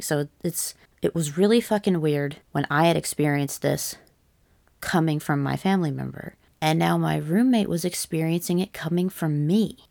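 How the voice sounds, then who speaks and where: A young woman with a low voice full of vocal fry. She tells a personal story earnestly and haltingly, with lots of "like" and casual swearing. The sound is close and dry, with no room around it. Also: darkish tone, no room sound.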